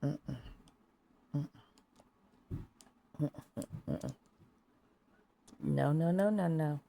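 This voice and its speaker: A woman's voice: low voice, drawn-out words, vocal fry, warm tone. A woman in a casual spiritual monologue, talking bluntly and profanely, laughing at her own jokes and sometimes dropping to a whisper. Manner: drops to whispers at times. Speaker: vlogger.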